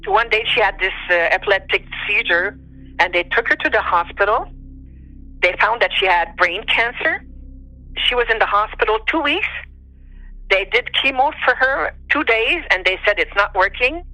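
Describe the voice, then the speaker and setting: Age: unknown. Sex: woman. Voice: bright, earnest storyteller. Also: mid-range voice, normal speed, dry recording, poor audio. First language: French. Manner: earnest, heartfelt, plainly emotional. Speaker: guest telling a true story. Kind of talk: personal storytelling.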